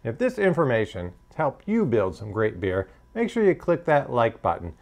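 A man's voice: mid-range voice, wildly swooping pitch, moderate pace, vocal fry, a little mellow. A man hosting a homebrewing channel, casually reviewing his beers in a hesitant, hedging way, full of fillers.

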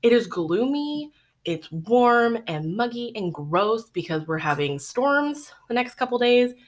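A woman's voice: a little high, sing-song, unhurried. A woman in her thirties hosting a casual crochet podcast from home, chatty and rambling with many ums, a little out of breath. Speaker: podcast host. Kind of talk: casual chat.

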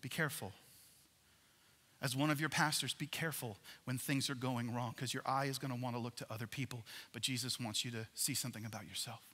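A man preaching a sermon as a pastor, animated, swinging between loud emphasis and hushed passages. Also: medium pitch, brisk, breathy edge, in a large hall.

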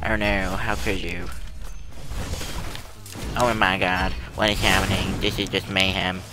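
A man's voice: low-pitched, flat delivery, unhurried, music in the background. A young man giving goofy, rambling commentary while playing an online game, full of silly jokes. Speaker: gaming youtuber. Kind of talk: casual gameplay commentary.

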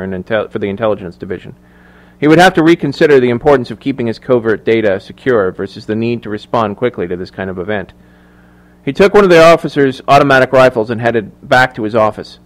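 A man reading a thriller audiobook aloud in a measured, even storytelling voice. His pitch sits in the middle range and his delivery stays steady. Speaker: audiobook narrator. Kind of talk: scripted narration.

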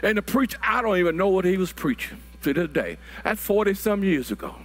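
A man, preaching a sermon that builds to shouted, drawn-out phrases, often repeating words. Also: high voice, animated, faint music behind. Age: 60s.

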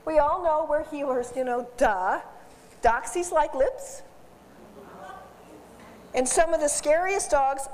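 A woman who works as a dog behavior consultant, giving a seminar in a chatty, animated way, laughing often and repeating her words. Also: high-pitched, a little hiss or hum. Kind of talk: informal seminar talk. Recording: distant voice in a reverberant hall.

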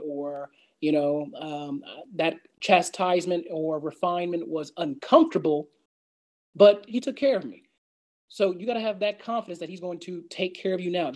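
A man's voice: sits high, darkish tone. A man leading a Bible study, speaking casually, reading verses aloud and acting out doubting voices to make his point. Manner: conversational, reads scripture aloud and acts out doubters' voices. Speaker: Bible teacher.

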